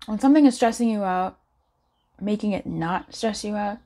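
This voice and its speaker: Woman, tarot reader, casual and encouraging, medium pitch, voice lifts when animated. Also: moderate pace. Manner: chatty and encouraging, laughs often, voice rises when animated. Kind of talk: casual pick-a-card tarot reading.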